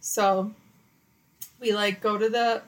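A woman's voice: mid-range voice, little pitch movement, slow pace, a little hiss or hum, low-quality recording. A young woman co-hosting a podcast, telling a long story in casual chat, full of "like" and acted-out quotes. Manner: chatty storytelling, lots of "like". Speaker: podcast co-host.

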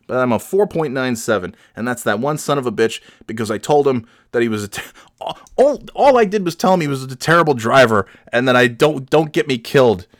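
A young adult man with a medium-pitched voice hosts a podcast, his studio mic giving a dry sound. His storytelling is loose and rambling, profane, and laced with self-mockery.

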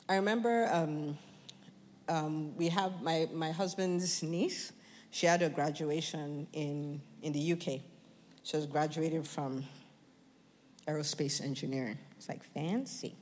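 An American woman preaching a sermon, animated, often asking the crowd questions and building up to shouting. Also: deep voice, measured pace, long pauses. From United States. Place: church. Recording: long reverb of a church hall.

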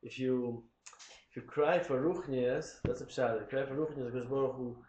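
A man taking part in a casual Torah study discussion, speaking haltingly and searching for words. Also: medium pitch, darkish tone, highs cut off. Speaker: study partner. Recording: echoey room with faint noise.

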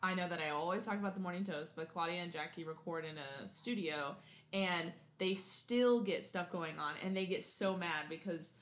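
A chatty woman co-hosts a podcast from home, gushing and talking things through casually. Her bright, forward voice bounces around an echoing room. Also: on the low side, normal speed. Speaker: podcast co-host. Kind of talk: casual chat. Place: home room, people outside. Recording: roomy echo.

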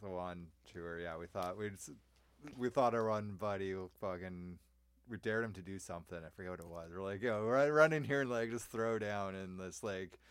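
A man's voice: low-pitched, normal speed, clear, resonant tone, dry recording. A man chatting casually, telling his own tour anecdote in a laid-back way. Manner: laid-back, reacting briefly. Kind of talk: casual chat.

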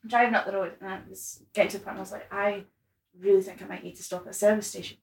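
A woman in her twenties telling an embarrassing story on a casual podcast, animated and sweary, laughing at herself. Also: mid-range voice, very fast, creaky, distant mic, low-quality recording. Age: 20s. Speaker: guest.

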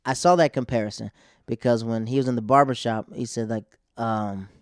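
A man's voice: medium pitch, fairly even intonation, fairly quick, no room sound, clean studio sound. A man in his twenties or thirties, a stand-up comedian, chatting casually with a rambling, self-interrupting way of talking. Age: 20s to 30s. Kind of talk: casual chat.

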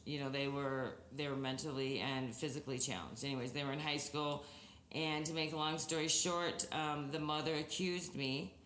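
A woman in her forties tells stories on a podcast in a lively, animated way, swearing freely as she goes. Her voice sits a little low for a woman, and a roomy echo hangs around it. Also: slight background noise. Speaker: podcast co-host, former principal. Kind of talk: casual podcast chat.

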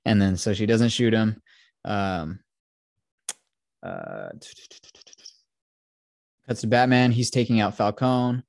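A man's voice: lowish voice, very animated, slow pace, gravelly, long pauses, darkish tone. A young man hosting a podcast, giving a rambling, profane retelling of a film plot in casual chat. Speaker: podcast host.

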